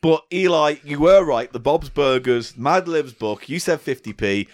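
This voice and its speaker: A man's voice: on the high side, lively intonation, a little slow, no room sound, clean studio sound. A man hosting a casual comedy podcast, teasing his co-host quiz-style. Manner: teasing, quizmaster-like.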